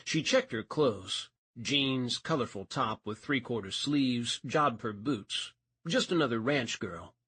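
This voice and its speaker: Expressive male audiobook narrator, husky. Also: mid-range voice, slow pace. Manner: expressive reading, voices each character.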